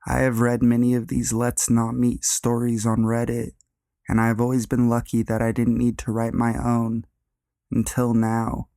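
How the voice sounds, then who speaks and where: A young man reads a true scary story aloud as a narrator, in a deadpan, monotone way. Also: medium pitch, moderate pace, gravelly, clear, resonant tone, dry recording, clean studio sound. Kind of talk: reading a horror story aloud.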